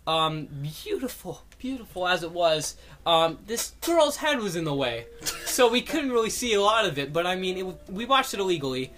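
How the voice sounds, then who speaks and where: A young man in casual chat as a podcast co-host, rambling and excitable with many fillers and restarts. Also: high voice, normal speed.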